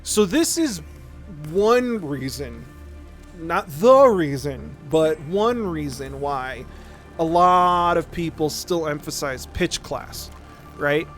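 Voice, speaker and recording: A man's voice: on the high side, lively intonation, slow. A male streamer explaining music theory in a rambling, casual way while playing a game, often checking in with "right?". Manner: rambling, repeats words, says "right?" often.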